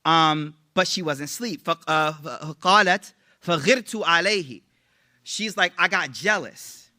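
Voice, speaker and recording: Bright-voiced man giving a casual religious talk. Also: fairly high pitch, moderate pace. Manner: informal, slangy and joking, quotes Arabic then paraphrases. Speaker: Islamic teacher.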